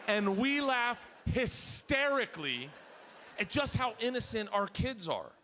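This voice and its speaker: A middle-aged man doing a crude stand-up comedy routine on stage, jumping between high and low voices as he acts out the people in his stories. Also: sing-song, measured pace, bright, forceful tone, a little hiss or hum. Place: comedy stage before a live audience.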